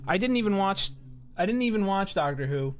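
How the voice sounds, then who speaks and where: A man's voice: high-pitched, lively intonation, a little fast, over music. A man streaming a game, chatting casually in a profane, ranting way. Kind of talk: casual chat while gaming.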